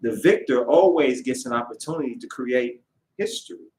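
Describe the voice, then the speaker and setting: Leading a Sabbath lesson with storytelling, a man speaks conversationally at normal speed and checks in using rhetorical questions. His mid-range voice has a darkish tone; the distant mic picks up roomy echo and a little hiss or hum.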